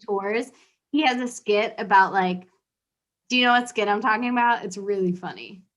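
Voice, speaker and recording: A woman's voice: medium pitch, moderate pace, poor audio. A young woman hosting a casual chat, animatedly retelling a comedy routine and acting out its voices. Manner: animated, acts out comedy bits with theatrical voices. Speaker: podcast host.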